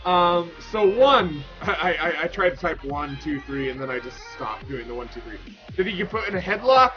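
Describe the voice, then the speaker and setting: A man in his thirties telling a story to his Twitch chat, rambling and excitable with lots of restarts. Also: high-pitched, lo-fi sound. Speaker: Twitch streamer. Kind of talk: casual storytelling to stream chat.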